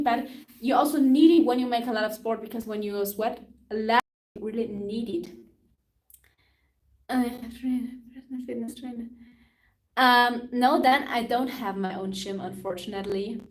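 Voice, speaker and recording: A woman's voice: a little high, measured pace, pauses often, recorded from a distance. Young woman with an Austrian accent, fitness trainer hosting a live chat, upbeat and laughing, recorded in an echoey room. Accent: Austrian German. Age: young adult. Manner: chatty and upbeat, laughs often, switches between English and German. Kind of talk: casual live-stream chat answering comments.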